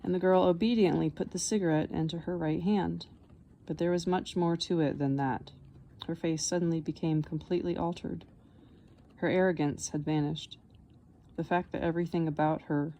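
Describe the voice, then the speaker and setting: A woman narrating an audiobook in a measured, even storytelling manner. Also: lowish voice, a little hiss or hum.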